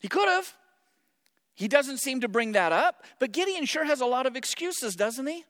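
A male pastor preaches in a lively, playful way and jokes with his congregation. His voice sits high for a man and swings widely in pitch. Long reverb from the church hall trails behind each phrase. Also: moderate pace. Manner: animated and playful, with asides to the congregation. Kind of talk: sermon. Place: church sanctuary.

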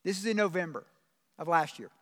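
A pastor preaches to his congregation in a voice pitched quite high for a man. His delivery is earnest: he reads scripture aloud and drags out the phrases he wants to stress. His voice rings out with the long reverb of a big sanctuary. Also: expressive, fairly quick, a bit bright. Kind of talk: sermon. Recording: long reverb of a large room.

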